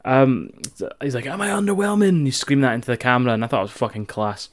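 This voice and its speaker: A man with a Scottish accent recapping a wrestling show in casual, profane, animated chat as a podcast co-host. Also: mid-range voice, quick pace, clear, resonant tone.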